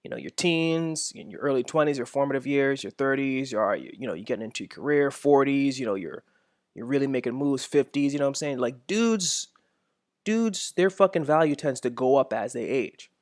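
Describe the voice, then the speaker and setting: A man's voice: medium pitch, animated, normal speed, dry recording, studio quality. A young man hosting a podcast, ranting casually with heavy profanity, emphatic and repetitive. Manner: profane, emphatic, repeats himself. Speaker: podcast host. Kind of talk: casual monologue rant.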